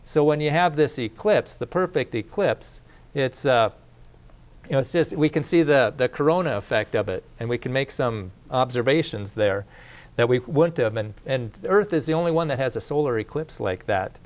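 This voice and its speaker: A man's voice: medium pitch, normal speed. A plain-spoken man lecturing. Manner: conversational, repeats and restarts, plain speech. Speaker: teacher of a creation course. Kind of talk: casual classroom lecture.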